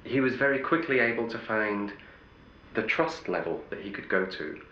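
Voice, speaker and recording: A man's voice: lowish voice, expressive, normal speed, roomy sound, lo-fi sound. A middle-aged male actor telling wry anecdotes in an interview, often restarting his sentences. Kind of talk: interview storytelling.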